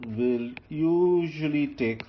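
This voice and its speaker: A man's voice: on the high side, slow. A man teaching Hebrew grammar as he writes on a board, patiently repeating key terms and restarting phrases. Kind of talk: explanatory lecture while writing on a board. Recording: dull lo-fi sound with faint noise.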